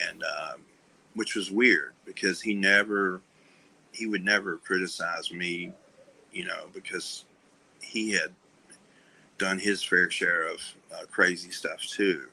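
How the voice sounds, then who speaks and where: Gravelly, halting man, low and slow. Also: fairly even intonation, a little hiss or hum, poor audio. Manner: halting, many fillers and restarts; soft-spoken, trailing off. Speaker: podcast guest. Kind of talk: candid conversation about recovery.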